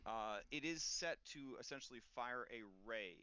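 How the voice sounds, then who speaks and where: A male game master narrating a tabletop game over a close mic. His voice is bright and forward and sits in the middle of the range. The sound is dry, with no room around it. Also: medium pitch, moderate pace, smooth, dry recording. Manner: relaxed, filler-heavy explaining.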